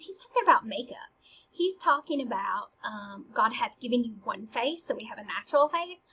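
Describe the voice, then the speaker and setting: A woman casually explaining a play scene by scene. Her delivery is animated and swings between emphatic and hushed. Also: on the high side, moderate pace, lo-fi sound, slight background noise.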